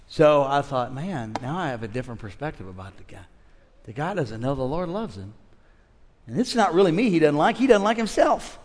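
A man in his fifties preaching a sermon, swinging between loud calls to the congregation and quiet storytelling. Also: medium pitch, fast talker. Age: 50s. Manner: animated preacher, shifts from shouting to quiet storytelling. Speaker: pastor. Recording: long reverb of a large hall.

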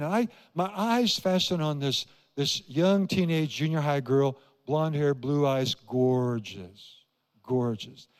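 Older pastor from iowa telling a story in his sermon, voice a bit high, lots of repeating for emphasis, big echoey church hall. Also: a little mellow. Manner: storytelling preacher, emphatic repetition, asks the congregation questions. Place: church sanctuary.

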